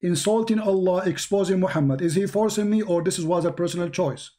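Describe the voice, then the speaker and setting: Hoarse, combative man yelling at a caller. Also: sits high, fairly quick. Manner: shouting, repetitive, combative. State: hoarse, losing his voice. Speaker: livestream debate host. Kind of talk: heated call-in debate.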